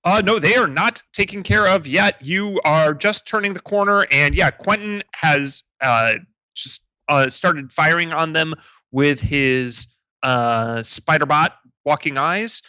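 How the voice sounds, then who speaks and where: A man's voice: on the high side, a little slow, bright, forceful tone, no echo, dull audio. A man narrating a tabletop game as game master, casual and full of fillers. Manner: casual, many fillers and restarts.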